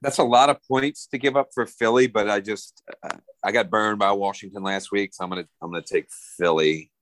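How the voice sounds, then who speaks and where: A man's voice: fairly low pitch, fairly even intonation, brisk, fairly bright tone, poor audio. A man talking casually about football picks, giving rambling opinions. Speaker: co-host. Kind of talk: casual sports chat.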